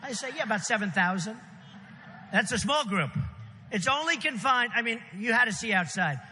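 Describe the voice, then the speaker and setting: A man speaks at a political rally, his voice high and very bright, with a forceful edge. He rambles and repeats himself, throwing punchy asides at the crowd. The sound carries a long arena reverb over faint background ambience. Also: expressive, moderate pace. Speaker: political candidate. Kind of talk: campaign rally speech. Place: large rally venue.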